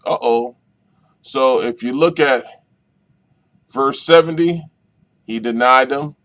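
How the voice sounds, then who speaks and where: Man slowly teaching scripture. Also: medium pitch, expressive, fairly bright tone. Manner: slow, deliberate, repeats key phrases. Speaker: minister leading Bible study. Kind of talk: reading and explaining scripture.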